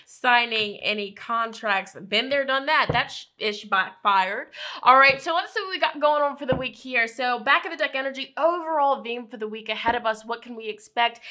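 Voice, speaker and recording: Bright, chatty woman reading tarot. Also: fairly high pitch. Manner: chatty, checks in with listeners often; playful slang and quick laughs. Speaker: tarot reader. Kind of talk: casual weekly tarot forecast.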